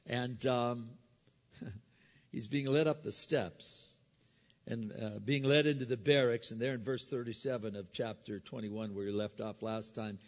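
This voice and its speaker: A man's voice: mid-range voice, unhurried, highs cut off. Man preaching in an echoing hall. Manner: animated storytelling, stumbling repeats. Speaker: pastor. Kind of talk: sermon retelling a Bible story.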